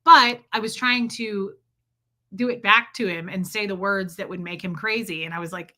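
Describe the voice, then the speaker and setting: Bright-voiced woman chatting on a live stream. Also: fairly high pitch, animated, moderate pace. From lives in Tennessee. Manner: rambling and candid, greets viewers by name mid-story. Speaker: live-stream host reading viewer chat. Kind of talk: casual live-stream chat.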